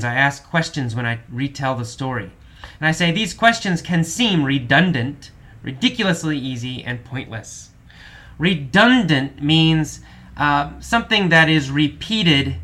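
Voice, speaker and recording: A male English teacher with a bright, forward voice walks through vocabulary one word at a time. He explains each meaning patiently, repeats definitions, and often pauses with small fillers. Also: fairly high pitch. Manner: slow, patient explanations with frequent repetition and fillers.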